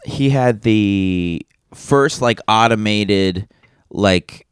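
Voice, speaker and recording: A man co-hosting a comedy podcast in casual banter, animated and prone to bursts of laughter. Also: on the low side, drawn-out words, clear, resonant tone, dry recording, studio quality. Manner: animated, breaks into loud put-on voices and laughter. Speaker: podcast co-host.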